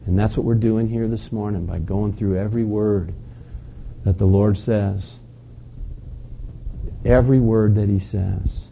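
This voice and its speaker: Dark-voiced male pastor preaching. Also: lowish voice, fairly even intonation, a little slow, vocal fry, pauses often, a little hiss or hum, poor audio. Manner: preaching with rising emphasis and rhetorical questions. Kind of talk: sermon.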